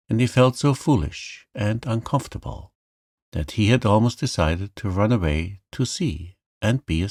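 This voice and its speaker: A man narrating a bedtime story in a slow, soothing, gentle manner. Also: lowish voice, no echo, clean studio sound. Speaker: audiobook narrator. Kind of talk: calm bedtime story reading.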